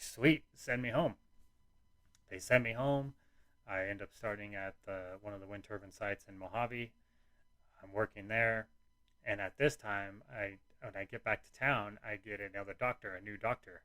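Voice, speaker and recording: Casual low-voiced man telling his story. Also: a bit bright, dry recording. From United States. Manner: casual, rambling, quotes people in conversation. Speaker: podcast host telling his own story. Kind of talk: candid personal storytelling.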